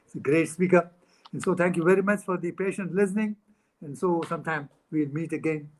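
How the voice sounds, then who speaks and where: A man, a guest speaker on a video call, telling an animated anecdote and acting out the dialogue with chuckles. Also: on the high side, brisk, low-quality recording. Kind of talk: storytelling talk.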